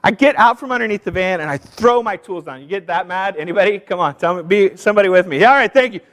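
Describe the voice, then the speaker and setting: A middle-aged man is preaching to a congregation, his voice sitting unusually high for a man. He tells personal stories, acting out the people in them and asking the room for an amen. A long church-hall reverb trails behind every phrase. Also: expressive, quick pace, a bit bright. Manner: storytelling, calls out to the congregation; acts out voices in anecdotes. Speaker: pastor. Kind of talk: sermon. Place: church sanctuary.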